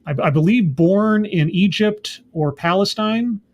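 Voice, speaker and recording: Brief: male reviewer with a fairly high voice, casual recap, hesitant and thinking aloud. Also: measured pace, darkish tone, lo-fi sound. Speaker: show reviewer.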